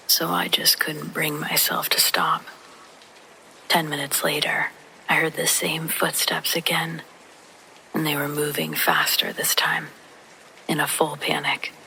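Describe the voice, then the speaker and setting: A narrator whispering a true horror story in a soft, hushed voice, with faint rain behind. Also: medium pitch, gravelly, slight background noise, low-quality recording.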